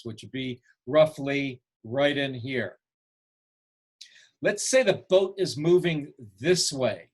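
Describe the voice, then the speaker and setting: A man teaching a photography class over a video call, asking the students questions and encouraging them. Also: on the high side.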